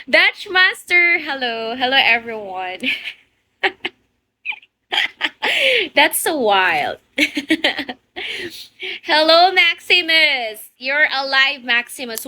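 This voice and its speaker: Filipino-accented woman on a casual livestream, teasing and playful; high, bright voice, unhurried. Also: expressive. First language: Tagalog. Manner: playful, teasing, laughs often. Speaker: livestreamer greeting viewers.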